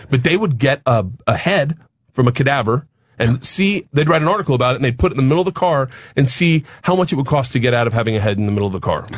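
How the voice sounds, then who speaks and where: A man in his forties, a comedian guest on a talk radio show, telling an excited, profane anecdote. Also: medium pitch, no echo, clean studio sound. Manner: excited, profane, animated storyteller. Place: radio studio.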